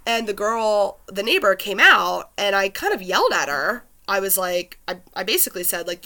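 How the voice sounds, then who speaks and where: A woman with a bright, sharp-edged voice tells a personal story in relaxed conversation. She is chatty and animated and scatters "like" through her sentences. Her delivery stays loose and unscripted. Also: mid-range voice, normal speed, hardly any pauses. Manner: chatty, lots of "like" fillers, animated retelling. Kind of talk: casual chat, telling a personal story.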